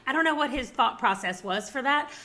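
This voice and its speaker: A woman's voice: sits high, lively intonation, a little fast, pushed and bright. A woman in her forties with a Southern American accent, chatting casually about books she has read and laughing often. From Southern United States. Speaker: book vlogger. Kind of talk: casual book review chat.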